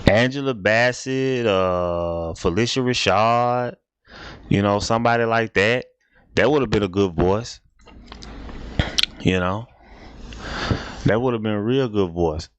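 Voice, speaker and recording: A man's voice: fairly low pitch, slow pace, pauses often. A man hosting a casual reaction video, talking in a rambling, repetitive, laid-back way.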